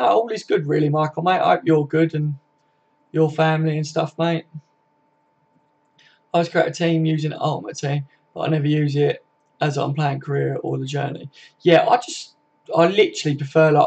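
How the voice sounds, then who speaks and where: A young man hosting a casual live stream, reading viewer comments aloud in a chatty, laddish way and swearing freely. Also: on the high side.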